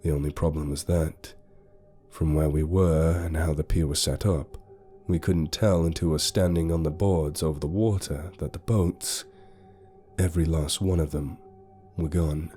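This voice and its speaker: A man giving a steady, grave, scripted first-person horror narration over faint music. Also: a bass voice, normal speed.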